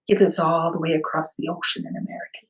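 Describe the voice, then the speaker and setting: A woman's voice: sits low, level tone, fast talker, close to an everyday voice. A woman playing a stubborn young lass. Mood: determined. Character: startled, stubborn young Irish-raised woman.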